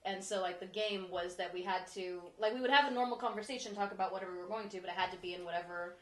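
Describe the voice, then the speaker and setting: A woman co-hosting a casual chat, telling stories animatedly with quick asides. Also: mid-range voice, steady tone. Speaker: co-host. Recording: roomy room echo.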